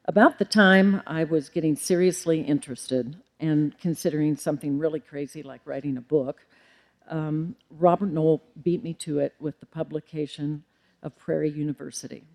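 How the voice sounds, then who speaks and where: Measured middle-aged woman lecturing. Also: low voice, fairly even intonation, a little mellow. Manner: measured, with occasional ums and self-corrections. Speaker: librarian giving a public lecture. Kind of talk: formal lecture.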